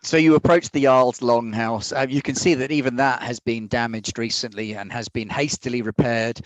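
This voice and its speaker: A man's voice: mid-range voice, steady tone, normal speed, no echo, poor audio. A middle-aged man running a tabletop role-play game, narrating scenes and voicing characters in a theatrical storytelling manner. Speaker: game master.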